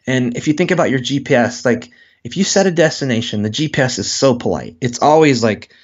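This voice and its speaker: A man's voice: medium pitch, a little fast, lo-fi sound. A man, a guest author, speaking in a casual interview and acting out quoted voices as he talks. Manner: animated, acts out quoted voices.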